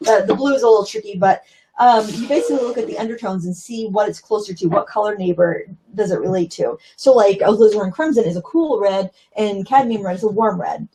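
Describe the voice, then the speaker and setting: A woman's voice: medium pitch, brisk, warm tone, rough recording. A woman teaching watercolor painting on a live stream, chatting casually and explaining as she paints, with plenty of fillers. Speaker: watercolor instructor.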